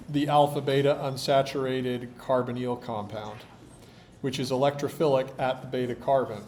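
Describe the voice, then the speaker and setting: A man's voice: medium pitch, darkish tone, slight background noise. A man lecturing a university chemistry class, explaining with dry jokes, his voice tired. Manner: explanatory, dryly joking. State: tired voice, occasional coughing.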